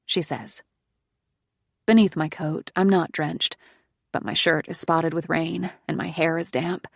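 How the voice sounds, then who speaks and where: A woman narrating a psychological thriller audiobook in the first person, in a tense, hushed manner. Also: low voice, fairly even intonation, measured pace, vocal fry, dry recording, clean studio sound.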